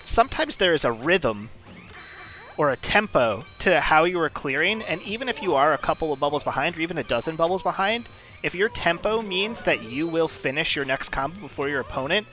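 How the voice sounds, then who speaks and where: A man's voice: fairly high pitch, lively intonation, brisk, sharp tone, soft background music. Chatty explanatory esports commentator, man. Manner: chatty, explanatory, filler-heavy.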